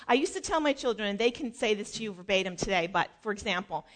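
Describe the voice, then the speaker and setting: A middle-aged woman and mother giving parenting advice in casual talk, chatty and animated, acting out family stories with lots of fillers and restarts. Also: fairly high pitch, fast talker, hardly any pauses. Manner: animated, acts out family anecdotes.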